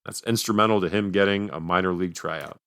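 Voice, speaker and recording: Deep, bright-toned man chatting on a podcast. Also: fast talker, clean tone, no echo, clean studio sound. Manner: rambling, many fillers, laughs easily. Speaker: podcast co-host. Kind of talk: casual podcast chat.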